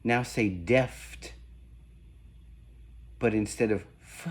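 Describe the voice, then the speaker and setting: A man slowly giving spoken sound-swap drills, one deliberate prompt at a time. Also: lowish voice, slightly rough. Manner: slow, deliberate, evenly paced prompts. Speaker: reading test examiner. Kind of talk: slow scripted phoneme drill.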